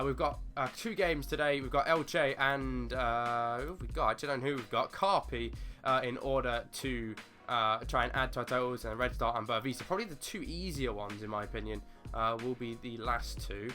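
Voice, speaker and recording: A man's voice: medium pitch, sharp tone. A man hosting a football management game video, rambling and joking between lineup talk and swearing freely. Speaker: gaming channel host. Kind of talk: casual let's-play commentary.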